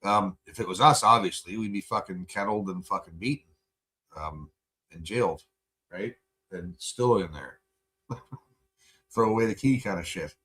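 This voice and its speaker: Low-pitched male streamer, loose and profane, rambling rants with chuckles. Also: moderate pace, pauses often, a bit bright. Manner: profane, rambling, laughs often. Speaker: livestream host. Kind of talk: casual rant.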